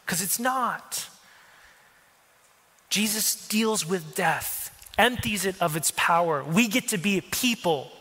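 A man's voice: very high-pitched, a bit bright. A male pastor preaching a sermon in a conversational way, with asides and jokes to the congregation, recorded in a church hall. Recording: long hall reverb.

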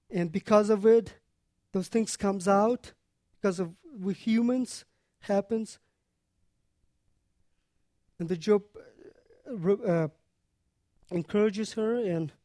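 Slow, earnest preacher, dry close sound. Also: mid-range voice, a little mellow, no echo. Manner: earnest, unhurried explaining with pauses. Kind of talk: sermon teaching on scripture.

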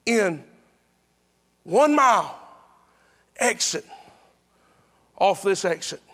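Bossy British satnav woman, played by a male preacher, high voice, echoey sanctuary. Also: extremely slow, full character voice. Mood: instructing. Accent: put-on British. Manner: escalating from calm directions to frantic yelling. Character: bossy female British GPS navigator voice.

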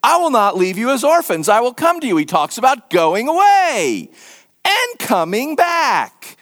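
A middle-aged man preaching a conversational sermon, animated and repetitive for emphasis. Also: very high-pitched, unhurried. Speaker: pastor.

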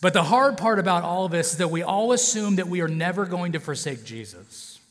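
A man preaching a sermon with a loose, joking delivery, often tossing in "okay?" and "right?" to keep his listeners with him. His voice sits a bit high for a man, and the sound carries the long reverb of a church hall. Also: animated, a little fast. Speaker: pastor.

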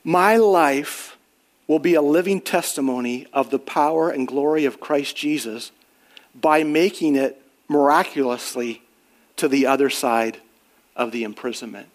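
A man's voice: a little high, measured pace. A middle-aged man preaching a sermon in an earnest, conversational way, rising on emphatic questions and sharing personal stories. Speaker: pastor.

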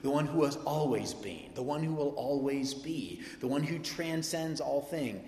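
A man preaching a sermon as pastor, emphatic and animated, swinging from loud peaks to soft, quiet stretches. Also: a little high, normal speed. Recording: echoey hall sound.

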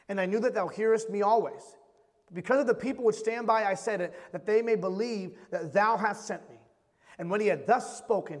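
Male pastor, high voice, fervent sermon delivery that drops to near whispers, reverberant sanctuary. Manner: impassioned, swings between loud and hushed, repeats phrases. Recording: long hall reverb.

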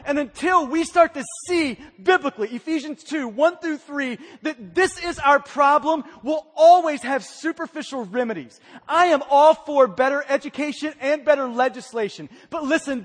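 In a large church sanctuary, a male pastor preaches in a strikingly high voice. He swings between hushed lines and loud, emphatic ones, his words echoing in the hall's long reverb.

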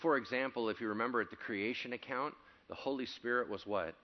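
A male pastor preaching a sermon, telling stories animatedly, acting out quotes and building to loud excited passages. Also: medium pitch, fast talker, muffled recording.

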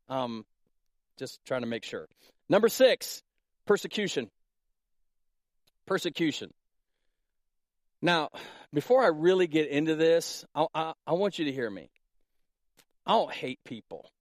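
A man preaching as pastor, talking in a loose, joking way and jumping into lively stories. His voice sits a little high for a man. The sound is close and dry. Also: unhurried, long pauses, no room sound. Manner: casual, joking, animated storytelling. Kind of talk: sermon. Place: church in Iowa.

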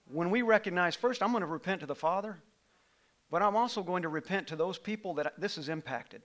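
A middle-aged man preaching a sermon to a live congregation in a church, impassioned and building toward near-shouts. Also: high voice, expressive, brisk. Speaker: pastor.

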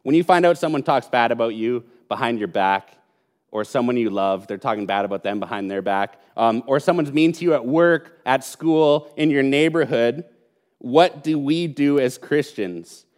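A man's voice: medium pitch, expressive. Earnest male preacher. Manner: earnest, emphatic preaching with pauses and repetition. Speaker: pastor. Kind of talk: sermon.

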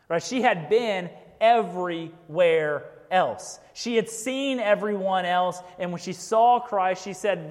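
A man preaching in a relaxed, chatty way, tossing in jokes and a frequent "right?". His voice sits a bit high for a man. The sound carries the long reverb of a big church sanctuary. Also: unhurried, hardly any pauses. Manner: conversational, keeps asking "right?", jokes. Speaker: pastor. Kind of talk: sermon.

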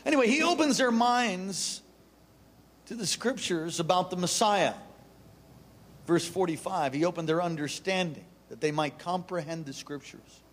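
Intense middle-aged male preacher with a high, bright voice, animated storytelling sermon. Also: moderate pace.

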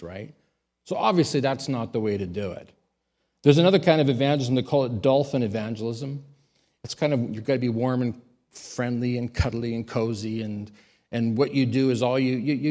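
A man, a pastor, giving a sermon: he tells stories in a quiet voice and rises to loud, emphatic high peaks.

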